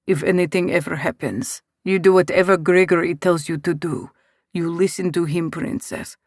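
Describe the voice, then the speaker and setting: An audiobook narrator voicing a stern, loving father giving quiet, grave instructions. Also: medium pitch, fairly even intonation, normal speed, no echo, studio quality, natural voice.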